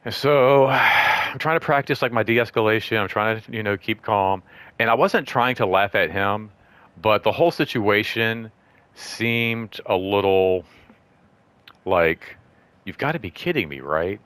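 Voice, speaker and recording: A man hosting his own show, telling a story in a loose, rambling way, full of fillers, and acting out quoted lines in a higher voice. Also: unhurried, a bit bright, smooth, no room sound. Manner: rambling, full of "like" and "you know"; acts out quoted speech in raised voice. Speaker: show host. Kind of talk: casual storytelling vlog.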